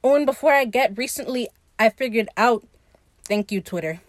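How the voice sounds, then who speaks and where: Lively, profane young woman recapping a show. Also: fairly high pitch, normal speed, dry recording. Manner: animated, profane, teasing the audience. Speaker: podcast host. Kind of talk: casual TV episode recap.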